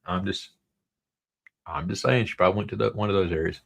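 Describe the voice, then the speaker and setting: A man with a Southern drawl talks in a low, gravelly voice. He hosts a casual livestream and rambles, reading viewer comments aloud as he goes. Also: steady tone, fairly quick, long pauses. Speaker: livestream host.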